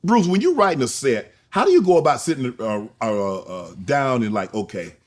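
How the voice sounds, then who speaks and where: A man runs a relaxed sit-down interview in a voice of middle pitch. He asks searching questions and keeps the talk going with steady short nods of agreement. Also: normal speed. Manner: frequent "right" backchannels, probing questions. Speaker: interview host. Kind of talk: casual interview.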